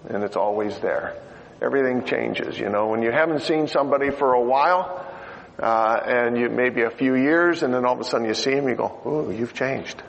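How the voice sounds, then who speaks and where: A man's voice: medium pitch, a little fast, creaky. An older man preaching a sermon in a chatty, joking way, with many fillers. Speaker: pastor. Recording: dull lo-fi sound in a reverberant hall.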